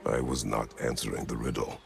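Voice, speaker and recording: A man voicing a stern, terse male warrior god in a video game, speaking curtly and solemnly in a gravelly voice. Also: rumbling low, fairly even intonation, a little fast, faint music behind, heavily acted. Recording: game audio with ambient noise.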